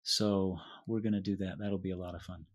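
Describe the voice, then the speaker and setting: A man guesting in a relaxed interview, talking in a loose, rambling way with frequent restarts. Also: low-pitched, brisk, highs cut off. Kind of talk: casual chat.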